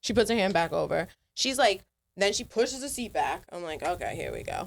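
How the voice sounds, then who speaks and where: A woman's voice: mid-range voice, sing-song, a little fast, vocal fry. Swearing, storytelling woman on a podcast. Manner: swearing storyteller, acts out people in quotes; self-described yapper. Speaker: podcast co-host. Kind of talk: casual chat.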